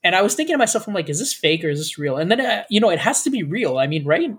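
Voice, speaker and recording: A man with a high, somewhat husky voice talks in a loose, casual chat. He rambles through a story, stacking fillers and slipping into the voices of the people he describes. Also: very animated, rapid-fire, fairly bright tone. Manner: rambling storyteller, acts out quoted officers, many fillers.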